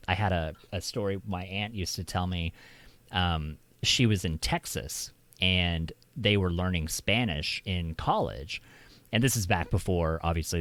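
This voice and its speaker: An American man with a low, deep voice, talking casually on his stream. He wanders through ideas with plenty of restarts, and the sound is close and dry. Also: no room sound. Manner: rambling, restarts often. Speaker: streamer host. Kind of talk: casual chat.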